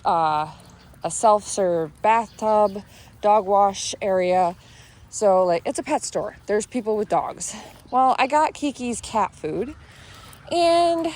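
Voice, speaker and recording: A woman's voice: mid-range voice, darkish tone. A woman telling a story in a casual vlog while walking her dog outdoors, chatting and breaking off to talk to the dog. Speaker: vlogger.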